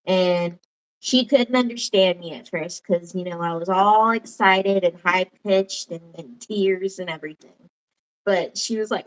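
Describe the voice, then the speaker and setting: A woman co-hosting a casual talk show, excitable and quick to laugh. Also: on the low side, low-quality recording. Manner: giggly, excitable. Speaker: podcast co-host. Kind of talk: casual chat.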